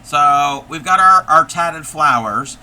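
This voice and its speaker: A man's voice: on the high side, slow pace, bright, forceful tone, smooth. A man hosting a casual live stream, thinking aloud and chatting playfully with viewers as he crafts. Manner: thinks aloud and chats with viewers while working.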